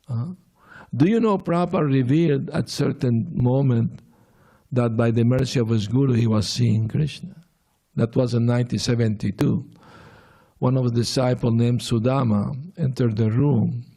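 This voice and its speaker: Gravelly, dark-voiced man giving a lecture. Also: mid-range voice. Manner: storytelling, repeats phrases, frequent uh fillers, soft laughs. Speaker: swami giving a class. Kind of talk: devotional lecture with anecdotes.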